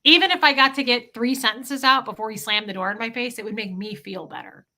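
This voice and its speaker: A woman's voice: a little high, a little fast, sharp tone. A woman in her forties, candidly chatting with viewers on a livestream, talking straight to chat. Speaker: livestream host.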